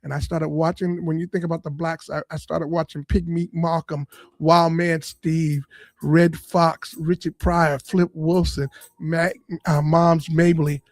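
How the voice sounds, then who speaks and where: High-voiced storytelling man from Boston. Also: unhurried, no room sound. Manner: animated storyteller, lively and full of punchlines. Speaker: comedian and radio personality, guest. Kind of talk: storytelling in a casual interview.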